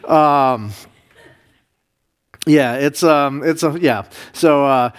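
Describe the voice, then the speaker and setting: A man, a pastor, teaching a Bible class, explaining Hebrew words slowly with many fillers and restarts. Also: fairly high pitch. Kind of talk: classroom lesson reading Hebrew.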